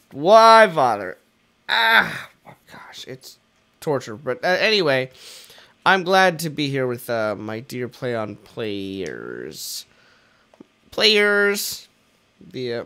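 A man's voice: medium pitch, fairly bright tone, clean tone. Jokey, rambling young male gamer. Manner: rambling, jokey and self-deprecating. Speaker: let's play host. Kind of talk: casual gameplay commentary.

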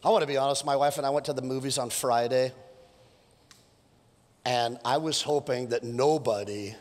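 A male pastor preaching a sermon, telling stories with playful asides and building to fired-up calls, his voice a little hoarse from preaching several services. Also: medium pitch, moderate pace. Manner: animated, storytelling with playful asides and rising exhortations. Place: church sanctuary. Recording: long church hall reverb.

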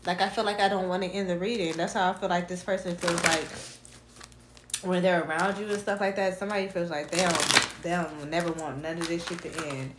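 A woman doing a casual tarot reading, animated and full of slang, laughing and humming between cards. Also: lowish voice, a little fast, roomy sound, very noisy. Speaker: tarot reader.

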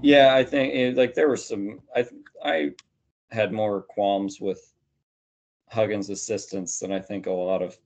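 A man's voice: fairly low pitch, steady tone, unhurried, darkish tone. A man hosting a casual sports podcast, rambling and hedging with plenty of "you know" fillers. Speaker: podcast host.

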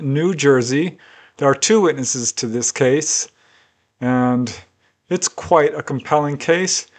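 A man with a somewhat high voice tells a case story in a measured, deliberate way. His narration is steady and careful, like a researcher laying out the events in order.

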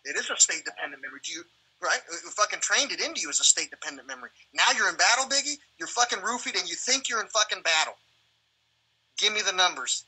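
Animated, profane high-voiced man. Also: fast talker, slightly rough, low-quality recording. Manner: profane, animated, acts out quoted exchanges. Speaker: livestream host. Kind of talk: casual rambling chat.

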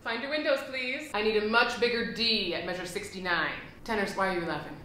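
A woman playing a fussy, exasperated high school choir director who bursts into operatic singing. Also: fairly quick, sharp tone, reverberant, slight background noise, close to an everyday voice, low-quality recording. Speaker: comedian. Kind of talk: comedy sketch.

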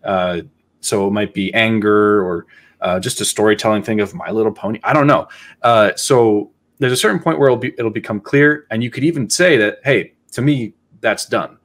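A man hosting a casual podcast, talking in a reflective, halting way as he thinks aloud. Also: lowish voice, a bit bright. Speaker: podcast host.

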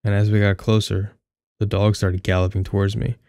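A young man reads a first-person story with a wry, candid edge and the odd curse. His voice sits low and stays fairly flat, smooth and clear. The sound is dry and close, with no room to it. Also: brisk, dry recording. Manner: candid, wry, casually profane. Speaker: audiobook narrator.

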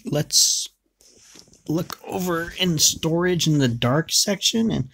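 A man's voice: a little high, takes it slowly, vocal fry, a bit bright. A man chatting casually while playing a mobile game, joking and eagerly cheering for good results. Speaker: co-host summoning for a viewer.

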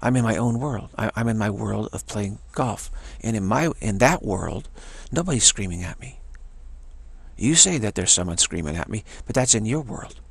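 A middle-aged man gives a motivational talk on his practice, driving his points home by saying them twice. His voice sits fairly low and carries a husky, gravelly grain. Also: animated, moderate pace, dry recording. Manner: emphatic, repeats phrases for stress. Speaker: teacher of a self-development practice.

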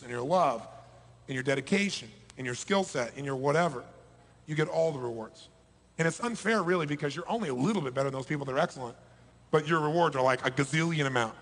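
A man giving a motivational seminar speech to a live audience, emphatic and swinging between loud bursts and hushed lows. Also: in a large hall. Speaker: motivational speaker. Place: large hall before a live audience.

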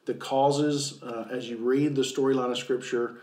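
Pastor host, echoey and distant. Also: male voice, mid-range voice, fairly even intonation, normal speed. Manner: affirming listener, soft agreeable interjections. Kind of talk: podcast conversation. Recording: echoey, set back from the mic.

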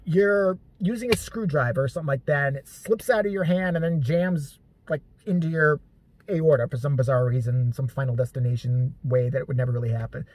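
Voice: medium pitch, a little fast, a little mellow. A vlogger telling rambling, joking, profane stories about a late father in a casual monologue.

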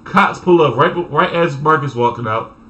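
Young male storyteller, bright forceful voice, profane, animated, laughs easily. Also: on the high side, moderate pace, muffled recording. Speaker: vlogger. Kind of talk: casual storytime.

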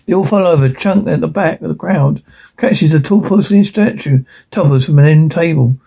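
A man reads a film script aloud in a gravelly, husky voice, slightly high for a man. He keeps it dark and mellow, often tripping over words and starting again. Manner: halting, self-correcting. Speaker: reader.

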